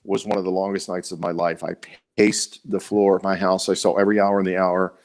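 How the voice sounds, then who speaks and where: A middle-aged man with a Baltimore accent, co-hosting a casual live show, talking in an earnest, halting way with many restarts and sounding tired after an illness. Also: sits low, flat delivery. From Baltimore, USA. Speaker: co-host.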